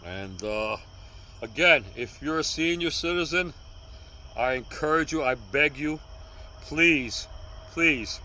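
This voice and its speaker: Man, 60s, from New York, earnest, pleading, bright voice, faint outdoor street noise. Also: on the high side, poor audio. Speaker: vlogger teaching cane self-defense. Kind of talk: casual outdoor vlog.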